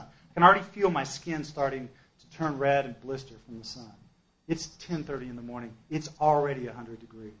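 A man giving a personal testimony at a recovery meeting, an emphatic storyteller who swings between loud outbursts and hushed asides. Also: mid-range voice, highs cut off.

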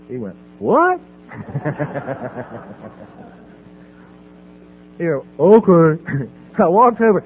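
A middle-aged man giving a personal testimony at a recovery meeting podium, dramatic, swinging from loud emphasis to hushed quiet. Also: on the high side, phone-quality sound. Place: at a podium before an audience. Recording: phone-thin audio with faint hum.

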